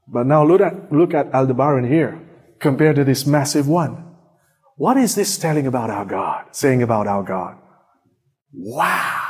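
A male preacher with a high voice delivers a sermon in an unhurried, drawn-out way. He keeps asking his listeners questions. He swings between ringing exclamations and hushed, low asides. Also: husky. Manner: emphatic, asks the congregation many rhetorical questions. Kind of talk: sermon with slides.

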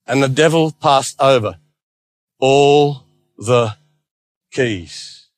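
A man preaching a sermon as a lively storyteller with playful asides. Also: medium pitch, very slow, no room sound.

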